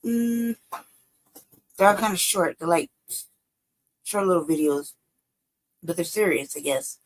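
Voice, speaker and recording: A woman hosting a livestream, reacting in casual, profane, exasperated commentary that swings high and low. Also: lively intonation, a little slow, a little hiss or hum, poor audio. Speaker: livestream host.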